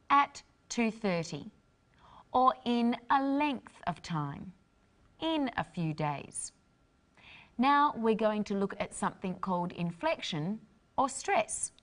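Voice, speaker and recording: Lively, clear-speaking woman teaching English. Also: medium pitch. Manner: clear, careful explaining delivery. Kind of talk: scripted language lesson.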